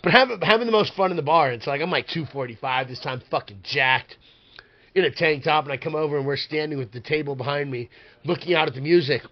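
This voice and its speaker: A man's voice: on the high side, fast talker, highs cut off. Profane, rambling man telling a story. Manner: profane, animated, rambling with many "like" fillers. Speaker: podcast guest, pro wrestler. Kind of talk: casual storytelling.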